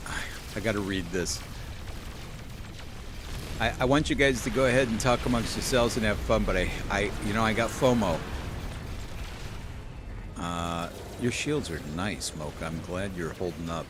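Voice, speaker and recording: Chatty male game streamer, lowish voice. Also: normal speed, long pauses, noisy background. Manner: chatty, easily excited, reads chat aloud. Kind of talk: live gameplay streaming, chatting with viewers.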